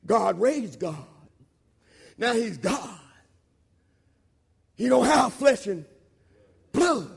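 A man preaching a sermon in an informal, repetitive style, swinging between loud shouted emphasis and low murmured asides. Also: sing-song, extremely slow, vocal fry, long pauses, slightly rough.

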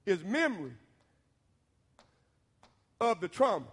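A man with a Southern American accent who preaches a storytelling sermon. He talks straight to the listeners in a folksy way, and at times his voice builds into shouting. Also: sits high, animated, unhurried, long pauses, big-room sound. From Southern United States.

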